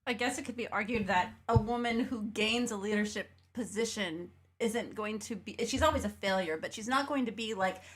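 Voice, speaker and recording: A woman's voice: medium pitch, moderate pace, few pauses. A woman co-hosting a podcast, making blunt, assertive statements. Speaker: podcast co-host. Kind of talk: opinionated podcast talk.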